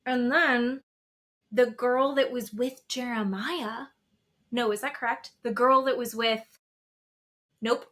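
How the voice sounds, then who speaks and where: A woman's voice: on the high side, steady tone, takes it slowly, long pauses, a bit bright. A woman co-hosting a podcast, chatting casually and retelling reality TV scenes with lots of quoted asides. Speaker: podcast co-host. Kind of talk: casual chat. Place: office.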